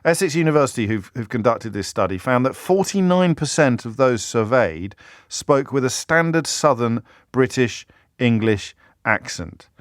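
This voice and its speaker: A man's voice: medium pitch, lively intonation, moderate pace, dry recording, clean studio sound. A middle-aged man hosting a live radio phone-in, thinking aloud in a chatty way and often restarting his sentences. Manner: musing, chatty, with frequent restarts and stammered repeats. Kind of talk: live talk-radio monologue. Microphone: studio microphone.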